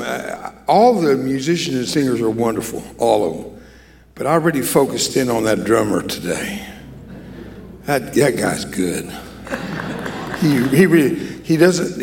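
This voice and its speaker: A man's gravelly, creaky voice preaches to a church congregation, mixing jokes at his own expense with open emotion. His pitch sits in an ordinary middle range, and a faint background ambience sits behind him. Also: slight background noise. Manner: joking, emotional, self-deprecating. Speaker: guest preacher. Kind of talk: sermon. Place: church sanctuary.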